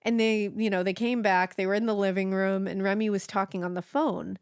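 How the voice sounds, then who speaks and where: Animated woman telling a true-crime story. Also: mid-range voice, brisk, clear, resonant tone, no echo, clean studio sound. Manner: animated, swearing freely, acting out quotes. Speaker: podcast co-host telling the case.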